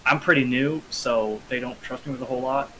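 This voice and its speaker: A man voicing a young, uneasy male ruffian recruit who talks in a halting, hesitant way. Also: mid-range voice, pushed and bright, a little hiss or hum, lightly acted, low-quality recording.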